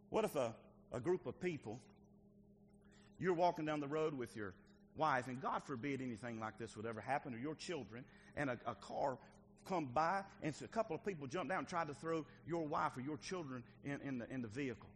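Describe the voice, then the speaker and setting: A male pastor preaching a sermon to his church, moving from quiet teaching to shouted exhortation. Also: fairly high pitch, long reverb tail, a little hiss or hum.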